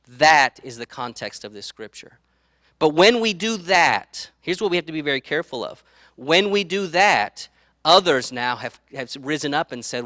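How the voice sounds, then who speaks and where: A man's voice: a little high, expressive, moderate pace, bright, forceful tone, no echo, clean studio sound. A man preaching a sermon as pastor, conversational, checking in with the congregation and acting out quoted voices. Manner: conversational, tag questions to the audience; acts out quoted speech.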